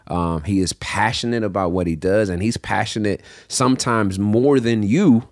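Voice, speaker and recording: A man who is a podcast guest, telling animated stories in casual chat and laughing often. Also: lowish voice, normal speed, no room sound, studio quality.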